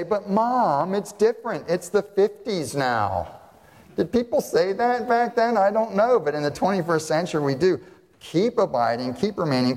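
Male pastor, lively sermon voice, rhetorical questions, long hall reverb. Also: a little high. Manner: animated, asks the congregation rhetorical questions.

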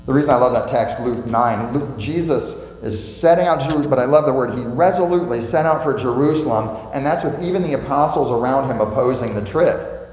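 A man's voice: medium pitch, fairly quick, darkish tone. A man preaching a sermon as pastor, emphatic, asking the congregation questions and repeating key phrases. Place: church sanctuary. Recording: echoey church hall with faint mains hum.

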